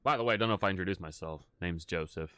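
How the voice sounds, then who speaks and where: A man voicing a gruff male tavern barkeep in a tabletop game, with a lowered, hushed voice. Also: rapid-fire. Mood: friendly.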